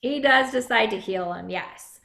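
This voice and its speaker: Woman pastor, high voice, friendly, questions kids; children's message in an echoey room. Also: a little slow, creaky, sharp tone.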